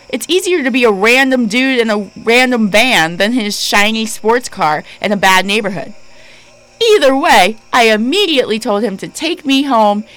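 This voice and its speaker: A woman in her thirties hosting a podcast, telling stories casually in a deliberately lowered, spooky voice, chatty and emphatic with lots of fillers. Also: fairly bright tone, poor audio. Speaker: podcast host. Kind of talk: casual storytelling.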